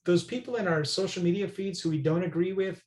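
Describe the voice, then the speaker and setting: A man talks earnestly as a podcast guest, his voice sitting a little high for a man. He stresses his points and keeps checking in with his listener. The sound has a noticeable room echo. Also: brisk, a little mellow. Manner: earnest, emphatic, many "right?" tags. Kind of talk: conversational interview.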